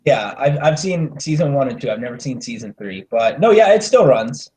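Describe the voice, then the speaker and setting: A young man co-hosting a casual movie podcast, ranting and swearing as his volume swings from loud to mumbled. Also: mid-range voice, sing-song, normal speed. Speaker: podcast co-host.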